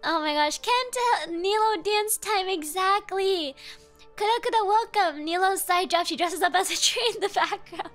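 A woman's voice: very high voice, normal speed, a bit bright, soft background music. A woman streamer commenting on a game playthrough, reacting emotionally with gasps and chatty asides to her chat.

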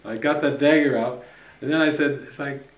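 A male spiritual teacher telling a story to a retreat group, animated and often laughing as he acts out what people said. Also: medium pitch, moderate pace. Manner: animated anecdote, often laughing and acting out quotes. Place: retreat center room. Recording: echoey room.

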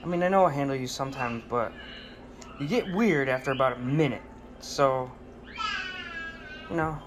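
A man's voice: mid-range voice, normal speed, noisy background. A man chatting casually and fondly to his pet snakes at home while cleaning their tubs, in a playful sing-song. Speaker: snake keeper vlogger.

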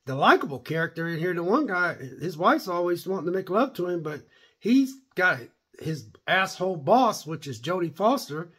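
Guy rambling through a blunt show review, kinda high and husky, voice jumps around a lot. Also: very animated, moderate pace, fairly bright tone. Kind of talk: casual spoken review.

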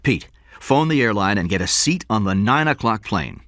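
A man voicing a confident, scheming businessman in an audiobook, brisk, excited and commanding. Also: on the low side, no echo, studio quality, pitched above the performer's own voice.

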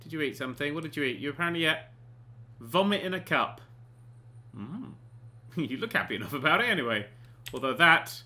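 A man giving sarcastic, excitable commentary while playing a life simulation game, often swearing and bursting into panicked shouts. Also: on the high side, a little fast, long pauses. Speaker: gaming channel host. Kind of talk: comedic let's play commentary.

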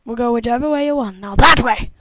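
High-pitched, excitable young gamer woman. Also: fast, very noisy. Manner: excitable, jokey, talks to the game. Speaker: gameplay commentator. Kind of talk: casual let's-play commentary.

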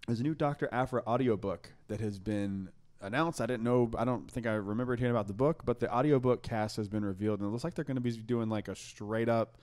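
A man's voice: medium pitch, fast talker, few pauses, a little mellow. A young man hosting a podcast, talking in a casual, enthusiastic and rambling way with many restarts. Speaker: podcast host. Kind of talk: casual chat.

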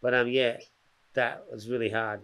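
A man's voice: medium pitch, normal speed, crowd noise. A man with an Australian accent, a podcast guest telling stories in a casual, rambling way with lots of slang and restarts. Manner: animated, acts out other people's lines. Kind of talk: casual storytelling chat.

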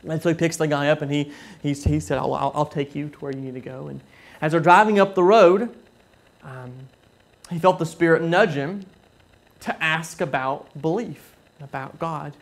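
Guy preaching a sermon, tells it like a story, trips over words a lot, kinda high voice. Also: gravelly. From southern United States. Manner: storytelling, halting with repeated words.

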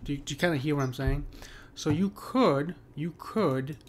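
A man's voice: a little high, moderate pace, a little hiss or hum. A man walking through a poem's meter in a casual screen-share lesson, with lots of fillers and "right?" checks. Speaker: poetry teacher.

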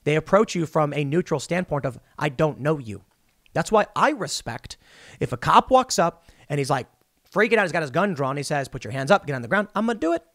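Man, political commentary host, emphatic and rambling, slightly high voice, dry close mic. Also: sing-song, brisk, fairly bright tone, dry recording. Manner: emphatic, rambling, with frequent restarts.

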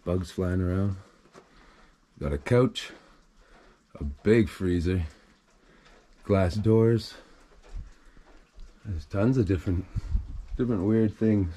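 A man's voice: sits low, takes it slowly, pauses often, dark tone, breathy edge. A man hosting his own exploration videos, casually narrating a walk through an abandoned house and plainly listing what he finds. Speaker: host of an urban exploration channel.

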